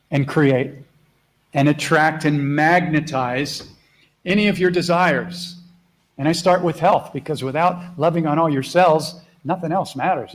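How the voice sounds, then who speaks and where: An earnest man leads a live coaching call, his voice sitting a little higher than most men's. He slows down and draws words out when he wants them to land. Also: low-quality recording. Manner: drops to a soft hush when speaking affirmations. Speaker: host and spiritual mentor.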